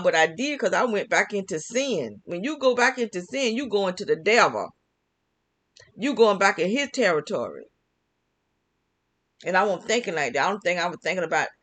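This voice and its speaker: Woman, vlogger, casual spoken testimony, rambling, frequent laughs, restarts sentences. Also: on the low side.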